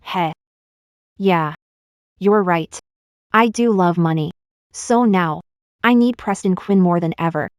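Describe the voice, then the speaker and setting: A woman's voice: on the low side, slow pace, pauses often, smooth, no echo, lo-fi sound. A woman voicing a determined young wife in a dubbed drama, firm and cutting, in a dry booth.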